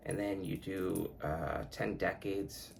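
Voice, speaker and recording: A man with a low, gravelly voice hosts his own podcast and drifts from thought to thought. He swears freely and often catches and fixes his own words. A faint room hum sits behind him. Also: fairly even intonation, slow. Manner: rambling, profane, self-correcting. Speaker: podcast host. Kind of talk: casual solo podcast talk.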